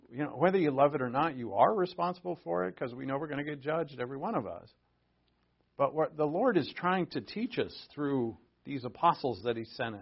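A man teaching a Bible study in a conversational way, with offhand asides, swinging between loud emphasis and quiet remarks. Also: medium pitch, vocal fry, breathy edge. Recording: dull lo-fi recording.

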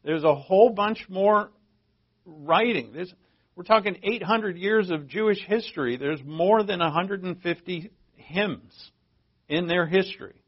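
A man's voice: sits high, a little slow. A man preaching a sermon, talking conversationally and reading scripture aloud, with emphatic bursts. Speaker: pastor. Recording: dull lo-fi sermon recording.

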